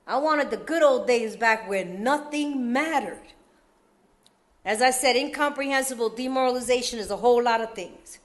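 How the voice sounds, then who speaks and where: High-voiced joking woman from California. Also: normal speed. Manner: streetwise slang, joking, laughs often. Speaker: recovery meeting speaker. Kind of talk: personal recovery story shared at a meeting.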